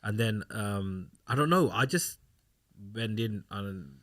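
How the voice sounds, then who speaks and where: A man's voice: fairly low pitch, lively intonation, slow pace, a bit bright. A young man co-hosting a casual podcast chat, rambling through anecdotes and acting out what others said. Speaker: podcast co-host.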